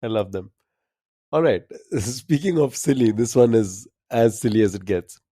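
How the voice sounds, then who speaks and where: A man co-hosting a trivia podcast in casual chat, easygoing and quick to laugh. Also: on the low side, mellow, husky, no echo, studio quality. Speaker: podcast co-host.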